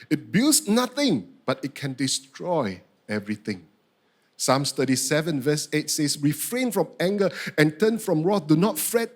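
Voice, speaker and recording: A middle-aged man, preaching a sermon and telling a personal story with animated, acted-out outbursts. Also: on the high side. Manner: animated storytelling, acting out his own outbursts. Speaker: pastor.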